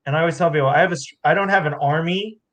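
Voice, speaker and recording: A man accepting an award, his voice sitting a bit high. He talks emotionally, close to tears, stopping and restarting his sentences. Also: racing, fairly bright tone. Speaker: award winner, fighter.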